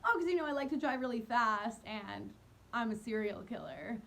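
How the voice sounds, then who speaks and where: A woman's voice: on the high side, animated, moderate pace, gravelly, pushed and bright, heavily acted. Woman quoting a creepy joking young man. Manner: casually menacing, joking.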